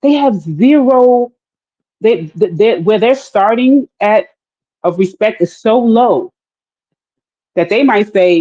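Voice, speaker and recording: Woman arguing on a panel, lots of um's, pops up high for quotes, kinda dull muffled audio. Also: unhurried. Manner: animated, acts out quoted voices, many fillers. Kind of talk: casual debate.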